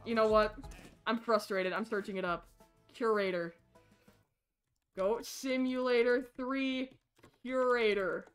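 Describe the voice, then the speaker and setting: A woman streaming a video game, muttering to herself and shouting in confused frustration. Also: fairly high pitch, unhurried, long pauses, soft background music. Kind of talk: casual gaming stream commentary.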